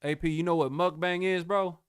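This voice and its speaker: A man's voice: on the high side, fairly even intonation, a little fast, clean tone, dry recording, studio quality. A young man chatting casually with his live-stream viewers, laid-back and slangy, calling them bro and y'all. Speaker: music producer streamer.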